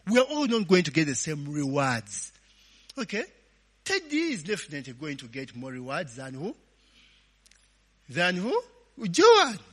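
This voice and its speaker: A man's voice: fairly high pitch, sing-song, moderate pace, long pauses, a bit bright. A middle-aged man with a Ugandan English accent, preaching a conversational sermon, laughing often and asking the congregation to finish his sentences. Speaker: pastor. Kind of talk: conversational sermon with call-and-response questions. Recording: long hall reverb.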